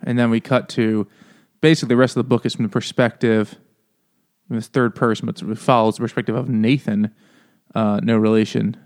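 A man in casual chat on a podcast, co-hosting and telling a story with jokes and a rambling, loose delivery. His voice sits at an ordinary middle pitch for a man. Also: level tone, fairly quick, darkish tone. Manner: joking, rambling. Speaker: podcast co-host.

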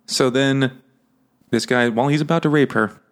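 Man, podcast co-host, mid pitch, quick wisecracks, laughs easily. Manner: quick jokey asides, laughs often. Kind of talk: casual book-club chat.

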